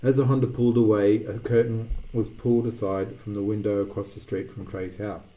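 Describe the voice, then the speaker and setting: A man's voice: lowish voice, level tone, brisk, lo-fi sound. A man narrating a story aloud, reading with occasional restarts and small slips.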